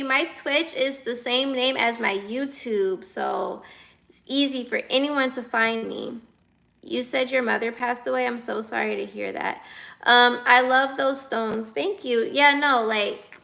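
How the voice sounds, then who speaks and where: A woman's voice: on the high side, slow pace, gravelly, pushed and bright. A woman in her twenties chatting casually on a livestream from her phone, reading out viewer comments and answering them. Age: 20s.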